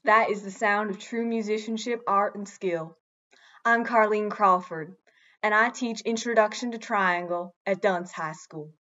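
Young woman as a pompous triangle teacher, higher voice, dull lo-fi sound. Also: fairly bright tone, lightly acted. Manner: pompous, earnest lecturing. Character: self-important woman triangle teacher, fussy and serious. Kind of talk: improvised mockumentary interview. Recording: dull lo-fi recording.

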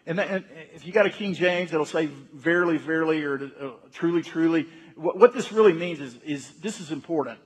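A man with a high, husky voice delivers an emphatic Sunday sermon, repeating words to build each point. His voice echoes with a long reverb through a church sanctuary. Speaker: senior pastor.

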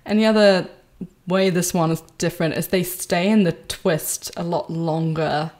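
A woman co-hosting a podcast in casual chat, summing up points with quick asides. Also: on the low side, steady tone, darkish tone. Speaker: podcast co-host.

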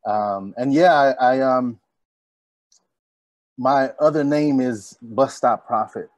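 A man from East Los Angeles, a poet, speaking casually and a bit haltingly at a poetry event, visibly moved. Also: mid-range voice, a little mellow, dry recording. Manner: moved, halting, says y'all.

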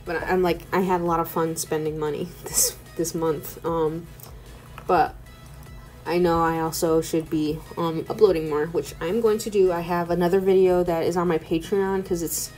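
A woman's voice: on the low side, steady tone, normal speed, darkish tone. A young woman in her twenties rambling in a casual voice-over at home, chatty and loose, with "like" in nearly every sentence. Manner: chatty, rambling, full of "like" fillers. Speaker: art YouTuber. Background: faint background music.

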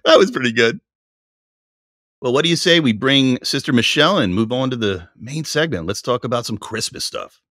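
A man hosting a casual podcast, his voice bright and lively as it swings up and down. He talks in an animated way, laughs easily and now and then reads aloud from notes. The sound is dry and close. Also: mid-range voice, normal speed, dry recording. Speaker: podcast co-host. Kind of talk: casual chat.

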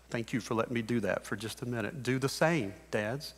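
A man's voice: medium pitch, a little fast, hardly any pauses, breathy edge. A man in his thirties delivers a sermon from the pulpit in an earnest, exhorting way. He drives his points home by repeating short phrases. His voice carries a long church reverb. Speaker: pastor. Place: church sanctuary.

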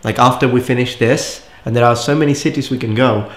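A man's voice: mid-range voice, steady tone, a little fast, roomy sound. A man chatting casually while playing a game, explaining things at length and laughing often. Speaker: co-player and commentator. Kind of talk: casual gaming chat.

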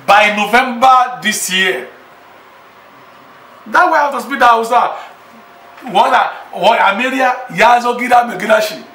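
An actor playing a boastful, newly rich man who sweet-talks several girlfriends on the phone, excited and laughing. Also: extremely high pitch, echoey room, distant mic, exaggerated voice, low-quality recording. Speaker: lead character in a film. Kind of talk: Nollywood film acting.

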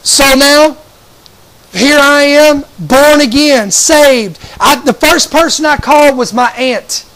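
High-voiced fervent preacher man. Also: slow, a bit bright, rough recording. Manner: emotional, fervent, repeats and restarts phrases. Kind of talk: testimony sermon.

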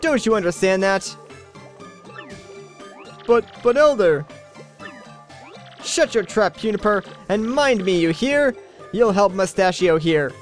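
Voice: medium pitch, lively intonation, slow, long pauses, faint music behind. A bossy old female tree-creature elder snaps and grumbles in a folksy, impatient way, as a man puts her on while reading a video game's lines. She scolds the young ones and fusses about her comforts. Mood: cranky. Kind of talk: Let's Play dialogue reading.

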